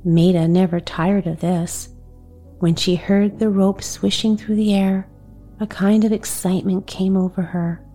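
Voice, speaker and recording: Woman bedtime storyteller, very slow, mellow, faint music under. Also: mid-range voice, little pitch movement. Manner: gentle, unhurried and soothing.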